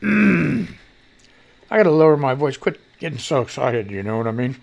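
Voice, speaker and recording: A man rants his way through the day's news on a live show. His talk is loose and profane, with a gravelly rasp, and his pitch leaps all over the place. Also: normal speed. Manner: loose, profane, animated ranting. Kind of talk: casual live news commentary.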